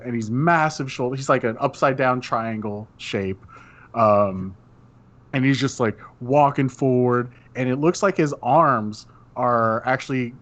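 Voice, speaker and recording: A man's voice: medium pitch, fairly bright tone. A man narrating as game master, describing scenes in a loose way full of fillers.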